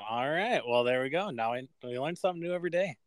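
A man's voice: a little high, lively intonation, quick pace, no room sound. A young man co-hosting a podcast, chatting casually, swearing often and laughing at himself. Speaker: podcast co-host. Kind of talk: casual chat.

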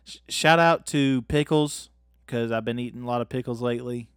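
A man's voice: medium pitch, normal speed, fairly bright tone, clean tone, no echo, clean studio sound. A man co-hosting a comedy podcast, recapping an episode in a loose, joking way with plenty of fillers. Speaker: podcast co-host. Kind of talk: casual comedic chat.

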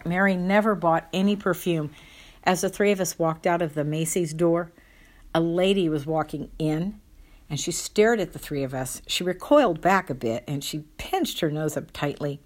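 A woman telling a personal family anecdote with wry, fond humor and playful asides. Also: low voice. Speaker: storyteller.

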